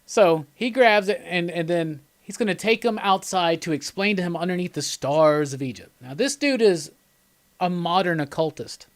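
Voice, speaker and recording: Rambling, excitable male movie commentator. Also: sits high, moderate pace. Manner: enthusiastic, rambling, often laughing; chats with viewers by name. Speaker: host of live movie commentary. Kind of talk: casual live commentary.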